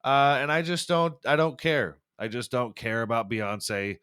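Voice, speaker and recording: A young man rants on his podcast, rambling and swearing, tripping over restarts as he goes. His voice sits at an ordinary middle pitch. It is recorded close and dry with no room sound. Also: fairly even intonation, unhurried, fairly bright tone, clean tone, no echo. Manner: rambling, profane, stumbling restarts, laughs at own jokes. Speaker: podcast host. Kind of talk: casual podcast rant.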